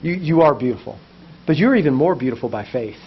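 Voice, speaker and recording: A man's voice: mid-range voice, animated, quick pace, breathy edge. A man preaching a sermon as pastor, with impassioned, repetitive emphasis that builds in intensity. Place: church basement. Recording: muffled lo-fi sound.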